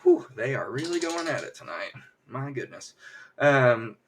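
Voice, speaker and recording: A man's voice: mid-range voice, very animated, measured pace, fairly bright tone, recorded from a distance, a little hiss or hum. A man casually recapping a show on a livestream, rambling with lots of fillers and acted quotes. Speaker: livestream host. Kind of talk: casual episode recap chat. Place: home livestream setup.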